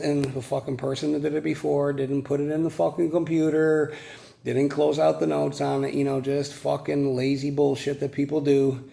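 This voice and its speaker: Gravelly, profane, rambling working man. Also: a little high, warm tone. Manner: rambling, profane, says "you know" constantly. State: overheated and sweaty. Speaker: exterminator. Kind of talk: casual vlog rambling.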